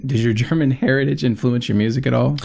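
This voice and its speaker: A man hosting a podcast interview, relaxed and self-deprecating, swearing casually as he chats. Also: mid-range voice, fast talker, gravelly. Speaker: podcast host.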